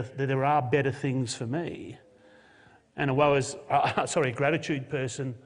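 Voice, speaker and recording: A man preaching a sermon, swinging from loud emphatic lines to soft, quiet ones. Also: medium pitch. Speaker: pastor. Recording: long hall reverb.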